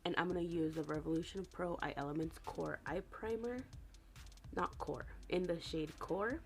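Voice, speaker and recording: Woman with a raspy morning voice. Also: on the low side, normal speed, a little hiss or hum. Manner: chatty, rambling, self-correcting. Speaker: beauty vlogger. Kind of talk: casual makeup tutorial.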